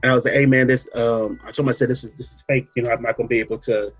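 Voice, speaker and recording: A man hosting a podcast, talking through a story in a relaxed casual way, full of fillers and asides. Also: mid-range voice, rapid-fire, husky, soft background music. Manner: relaxed storytelling, many fillers and "you know what I'm saying". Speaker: podcast host. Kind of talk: casual chat.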